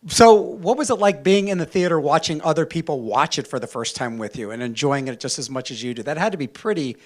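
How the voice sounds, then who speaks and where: A man moderating a panel who sounds curious and conversational. His voice sits somewhat high for a man. He asks his questions in a plain, relaxed way. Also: quick pace. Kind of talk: interview questions.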